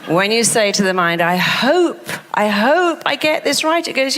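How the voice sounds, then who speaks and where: A woman's voice: mid-range voice, animated, normal speed, few pauses, fairly bright tone. A woman telling stories in an interview, acting out the voices of the people she quotes. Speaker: hypnotherapist guest. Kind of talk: motivational interview talk.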